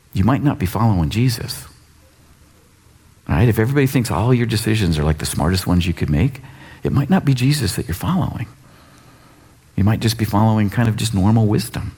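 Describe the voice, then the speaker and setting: A man in his sixties preaching a sermon in a casual, animated way, acting out quotes. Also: low-pitched, slightly rough. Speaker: pastor.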